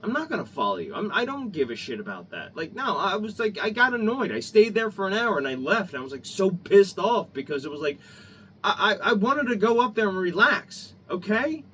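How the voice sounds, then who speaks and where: A man with a fairly high voice rants in a heated, rambling way and swears freely. He sits back from the microphone, so his voice sounds distant. A faint ambient hum runs under him. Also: big pitch swings, normal speed, sharp tone. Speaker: vlogger. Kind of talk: angry opinion rant.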